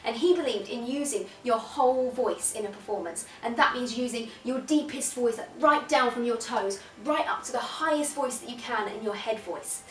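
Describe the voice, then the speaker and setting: A young woman with a British accent, a drama teacher leading a class warm-up in an upbeat, instructive way with playful vocal sounds. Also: a little high, normal speed, hardly any pauses, recorded from a distance. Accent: British English. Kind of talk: guided warm-up lesson. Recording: echoey room, voice from off-mic.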